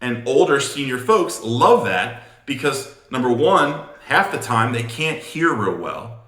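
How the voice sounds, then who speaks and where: A man's voice: medium pitch, very animated, measured pace, a bit bright. A man giving blunt, punchy advice as a sales coach in an instructional video. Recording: roomy echo.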